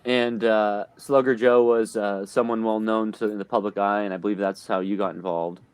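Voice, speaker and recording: A man's voice: on the low side, fairly even intonation, normal speed, clean tone. A man narrating and recapping a tabletop horror game as game master, hesitant with many fillers and restarts, talking into a desk mic on an online call.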